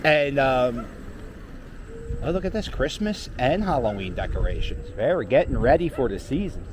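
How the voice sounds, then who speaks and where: A middle-aged vlogger from Philadelphia, riding his scooter through city streets, talks at a moderate pace in a very animated, medium-pitched voice. He rambles, cracks jokes and curses a bit, and faint street noise runs behind him.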